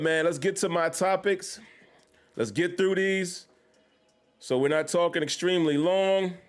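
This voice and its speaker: Guy doing a live sports podcast from his basement, laid back, voice a bit on the high side, keeps shouting out chat. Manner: casual, repetitive shout-outs to chat viewers. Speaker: podcast host. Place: home basement man cave.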